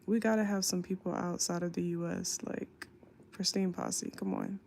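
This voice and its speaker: A young woman livestreaming from home on her phone late at night, tired and in back pain, chatting slowly with many fillers. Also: fairly low pitch, fairly even intonation, gravelly, a little mellow. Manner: slow, tired, drawling talk with lots of fillers. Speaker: flight attendant livestreamer. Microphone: phone mic, off screen.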